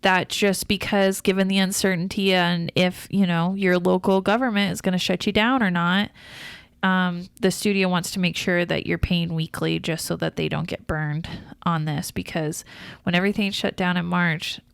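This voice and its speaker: A woman co-hosting a podcast in a casual discussion, explaining things at length with plenty of fillers and restarts. Her voice sits low with a gravelly edge. It comes through smooth and dry. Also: fairly even intonation, moderate pace, no room sound. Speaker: podcast co-host.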